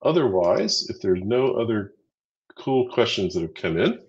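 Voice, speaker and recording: A man's voice: on the low side, expressive, moderate pace, a little mellow, muffled recording. A man co-hosting a live training stream, chatty and upbeat as he counts down quiz votes and walks through answers. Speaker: livestream co-host running a quiz. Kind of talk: casual livestream teaching.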